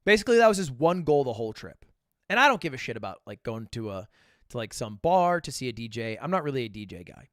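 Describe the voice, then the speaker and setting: Animated young man telling a story. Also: medium pitch, fast, no room sound, studio quality. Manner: animated, swearing, self-mocking, with loud bursts and mumbled asides. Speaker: streamer. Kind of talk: casual storytelling to a live stream.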